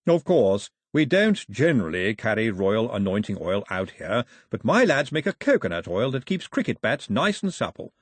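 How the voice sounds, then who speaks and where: A man's voice: lowish voice, very animated, moderate pace, hardly any pauses, slightly rough, no room sound, studio quality. A man voicing a flustered, jolly old male bishop who chatters in a bumbling way, in an audiobook reading. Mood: fussy. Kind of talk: audiobook character voice.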